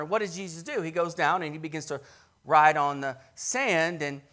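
A man preaches with passion at a moderate pace, retelling scripture scenes conversationally as stories. He swings from loud, emphatic peaks to hushed, soft lows.

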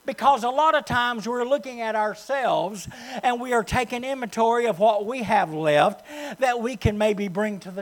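High-voiced preaching man. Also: low-quality recording. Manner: preaching with sudden swings from loud to hushed. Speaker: pastor. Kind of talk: sermon.

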